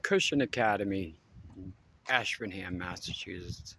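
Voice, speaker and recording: A man's voice: sits low, moderate pace, vocal fry, bright, forceful tone, a little hiss or hum. A man vlogging casually outdoors while climbing a hill, out of breath and chatting to his viewers. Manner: chatty, addresses viewers directly. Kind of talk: casual walking vlog. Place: outdoors on a hilly school campus.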